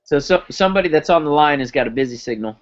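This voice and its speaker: A man giving a live sales pitch on a conference call, telling stories and acting out the dialogue. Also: animated, quick pace. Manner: storytelling, acts out dialogue. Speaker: company founder pitching product. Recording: muffled lo-fi recording.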